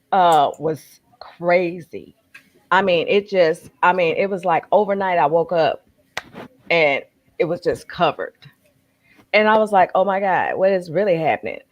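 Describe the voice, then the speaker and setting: A woman's voice: fairly low pitch, slow pace, pauses often, highs cut off. A woman from Texas, co-hosting a casual video-call chat and telling stories, calling people honey and child. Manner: expressive storyteller, calls people honey and child. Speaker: co-host. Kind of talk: casual live-stream chat.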